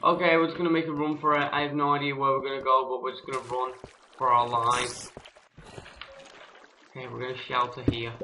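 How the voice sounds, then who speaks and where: A man commenting on his own gameplay in an excitable way, yelping and raging at enemies. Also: mid-range voice, a little fast, long pauses, background noise. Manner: excitable, yelps and rages at enemies. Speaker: gamer. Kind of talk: let's play commentary.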